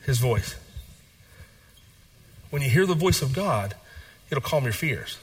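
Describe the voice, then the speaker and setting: A man preaching a sermon as pastor, repeating phrases and moving between hushed and animated delivery. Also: medium pitch, slow.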